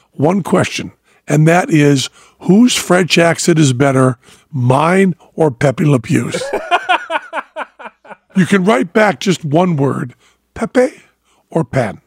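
A man's voice: on the high side, lively intonation, slow pace, vocal fry, slightly rough, no room sound, studio quality. A man hosting a podcast, chatting casually and joking, often laughing and hamming up a French accent. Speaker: podcast host. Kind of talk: casual chat.

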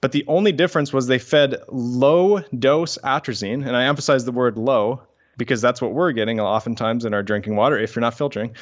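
A man's voice: medium pitch, fairly quick, muffled recording. A man who is a scientist, explaining research findings in a podcast interview. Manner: explanatory, reads study titles aloud. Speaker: guest scientist.

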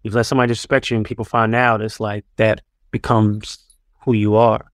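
This New York man, once a professional basketball player, is a guest spinning stories casually, with plenty of fillers and false starts. He speaks on the low side in a level tone and at a brisk clip, captured in a dry, studio-quality recording.

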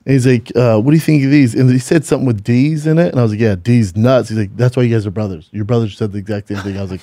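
A man co-hosting a podcast in casual banter, tossing out crude jokes and quick interjections. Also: medium pitch, dark tone, no room sound, clean studio sound. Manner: joking, crude one-liners and quick interjections. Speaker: podcast co-host.

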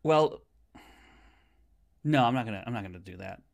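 A man co-hosting a podcast in casual chat, ribbing his partner and jumping into high squeaky jabs. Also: animated, normal speed, vocal fry. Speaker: podcast co-host.

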